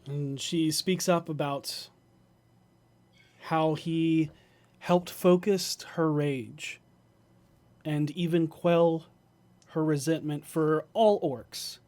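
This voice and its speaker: A man acting as game master, narrating a tabletop game in a measured, descriptive way. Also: a little high, fairly even intonation, darkish tone.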